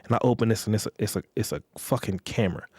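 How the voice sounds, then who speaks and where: A man's voice: lowish voice, very fast, mellow, husky, no echo, studio quality. A man hosting a podcast, giving relationship advice in a blunt, profane, lecturing monologue and repeating phrases for emphasis. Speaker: podcast host.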